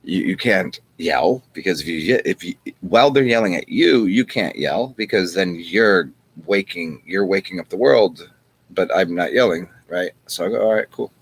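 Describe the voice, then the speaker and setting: A man with a very low, husky voice rambles through a wry monologue. He swears freely and keeps restarting his sentences. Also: lively intonation, normal speed. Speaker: channel host.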